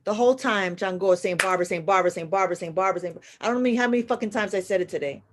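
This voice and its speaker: A woman leads a live horoscope reading for a chat room, cursing freely and repeating phrases like a chant. Her voice sits at an average pitch and swings between loud, forceful urging and quiet, almost murmured asides. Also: racing, slight background noise. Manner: blunt and profane, swinging between loud exhortation and soft murmurs; repetitive, chant-like phrasing with Spanish and slang. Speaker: astrology and spiritual reader.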